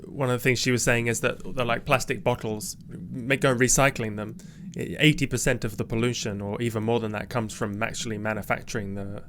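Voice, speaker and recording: Halting male podcast host, noisy ambience. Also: medium pitch, fairly even intonation, fairly bright tone. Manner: halting, tentative questions. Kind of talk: casual interview conversation.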